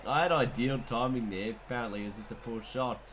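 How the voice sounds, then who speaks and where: A man with an Australian accent commentating a cricket video game as he plays, mixing play-by-play calls with excitable asides. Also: mid-range voice, brisk, a little hiss or hum. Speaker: gaming commentator.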